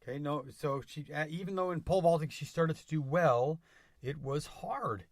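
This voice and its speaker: A man hosting a motivational podcast, speaking with energetic emphasis and returning to catchphrases again and again. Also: fairly high pitch, normal speed, no room sound, studio quality. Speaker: podcast host.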